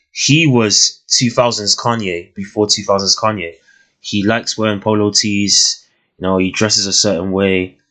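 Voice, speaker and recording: A young man giving a casual, thoughtful review of a TV series, often pausing and restarting his sentences. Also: on the low side, a bit bright. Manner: thoughtful, hesitant, many restarts and fillers.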